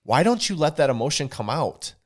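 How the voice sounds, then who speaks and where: A man co-hosting a podcast speaks earnestly in a candid conversation, preaching a little to listeners he calls y'all. His voice is a little high, very animated, and fairly quick.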